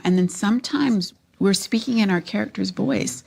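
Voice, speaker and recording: A woman's voice: mid-range voice, normal speed, vocal fry, darkish tone. Earnest woman, reflective actress. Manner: earnest, searching for words. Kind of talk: reflective panel chat.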